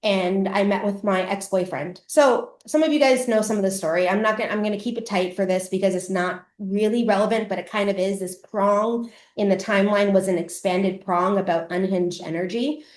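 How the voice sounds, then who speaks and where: A woman's voice: medium pitch, fairly even intonation, fairly quick, few pauses. A woman who coaches and hosts a podcast, giving a live motivational masterclass in an emphatic, casual way that is full of swearing. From Canada. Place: room at a live event. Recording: roomy echo.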